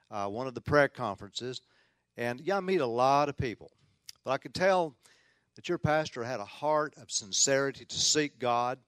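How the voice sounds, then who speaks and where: A middle-aged man with a Southern drawl leads a fervent prayer and preaches as a visiting pastor. His voice sits at an ordinary pitch and swells into emphatic declarations. The sound is close and dry, with no room echo. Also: a bit bright. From Tennessee. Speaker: guest preacher. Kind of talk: prayer and sermon.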